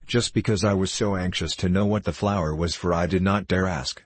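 Male audiobook narrator: very low, husky, steady measured read, dry close sound. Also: dry recording.

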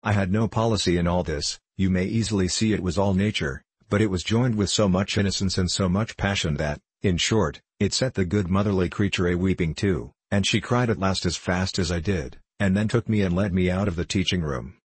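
Deep husky male audiobook narrator. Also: fairly quick, few pauses, dry recording. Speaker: audiobook reader. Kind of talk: scripted narration of an old novel.

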